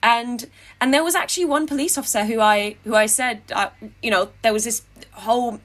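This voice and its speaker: A woman's voice: on the high side, fairly bright tone. Young woman chatting in an interview, dry humor, lots of ums and restarts. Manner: wry, tongue-in-cheek, halting with fillers. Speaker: interviewee, activist. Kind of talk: casual anecdotal storytelling.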